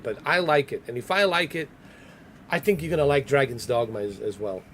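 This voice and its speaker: Male streamer, playful running commentary over gameplay, voice a bit high, light hiss under it. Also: animated, brisk, a bit bright. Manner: loose and joking, banters with chat and the game. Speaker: gaming livestreamer. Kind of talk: casual live commentary.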